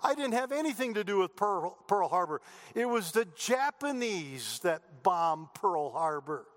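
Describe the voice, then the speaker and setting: A man's voice: sits high, very animated, measured pace, a bit bright, full character voice. A man voicing a startled, indignant man in a joke told from the pulpit, in a protesting tone.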